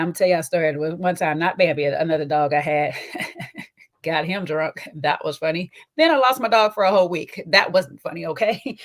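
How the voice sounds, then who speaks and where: Sassy, chatty woman with a low voice. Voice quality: slight twang. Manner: chatty and sassy, often tags lines with "okay?" and "child". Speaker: reality TV recap host. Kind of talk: casual commentary.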